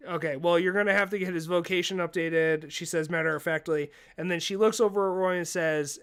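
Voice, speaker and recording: A man runs a tabletop game, narrating scenes in a relaxed way with many fillers. His voice sits high and sounds smooth and clean. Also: brisk, hardly any pauses. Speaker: game master.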